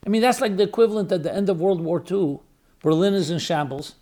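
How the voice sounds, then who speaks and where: A man's voice: high voice, fast talker, dark tone. A man, a rabbi and podcast host, gives an emphatic spoken lecture, repeating key words for stress and asking rhetorical questions. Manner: weighs arguments aloud, asking rhetorical questions.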